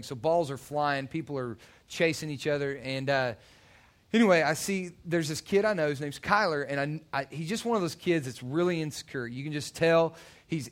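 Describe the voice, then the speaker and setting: A man preaching a sermon, telling personal stories in a loose, conversational way with many restarts. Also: fairly high pitch. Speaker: youth pastor.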